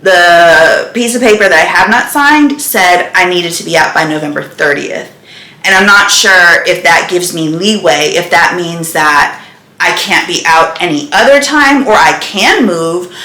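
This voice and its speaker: Her pitch sits fairly low, and she sounds animated, pushed, and bright while talking a little slowly. This woman vlogs about lifestyle, chatting openly to the camera in an echoey room and occasionally sinking to a near whisper.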